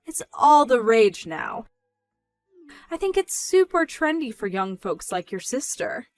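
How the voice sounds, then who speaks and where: A woman's voice: sing-song, a little slow. A woman voicing a scornful, controlling middle-aged mother who mocks and scolds in a dramatized story. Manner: mocking, loud, rising in pitch when scolding.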